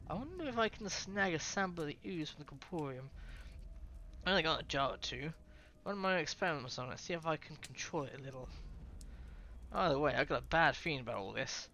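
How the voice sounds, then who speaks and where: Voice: medium pitch, a bit bright, a little hiss or hum. A streamer as a wry, curious heroine. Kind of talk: reading a visual novel aloud.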